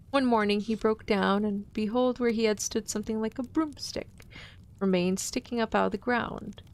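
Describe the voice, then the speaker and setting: A woman streamer reads a classic tale aloud, with casual, playful asides to her chat. Her voice sits at an everyday middle pitch. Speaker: vtuber host reading a story.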